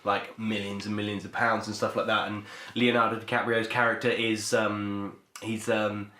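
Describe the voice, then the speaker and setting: In an echoey room, a young British man co-hosts a podcast, rambling casually about films with plenty of ums, hesitations and restarts. His voice is lowish and pushed, bright in tone, with little pitch movement and a moderate pace.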